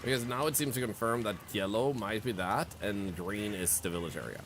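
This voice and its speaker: A man streaming a game, giving an excitable, jokey running commentary with frequent swearing. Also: on the low side, a little fast, noisy background. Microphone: streaming mic.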